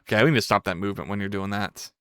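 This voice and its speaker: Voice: low voice, racing, fairly bright tone, clean tone, no room sound, studio quality. A live streamer thinking aloud while coding, who is playful with viewers and yelps and swears when things break. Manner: playful, chats with viewers between tasks.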